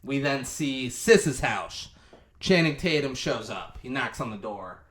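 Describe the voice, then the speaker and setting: Bright, animated podcast co-host man. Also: mid-range voice, a little slow. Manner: animated, swearing, acts out scenes. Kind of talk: casual movie recap chat.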